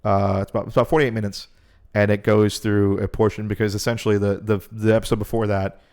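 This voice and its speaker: A man's voice: fairly low pitch, fast talker. A man retelling a story with a lot of swearing. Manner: animated storytelling, swears freely. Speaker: podcast host. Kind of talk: casual chat.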